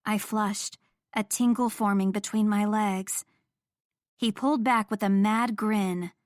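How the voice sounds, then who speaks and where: A woman's voice: mid-range voice, fairly even intonation, takes it slowly, no room sound, studio quality. A young woman narrating a first-person romance audiobook in an intimate storytelling manner.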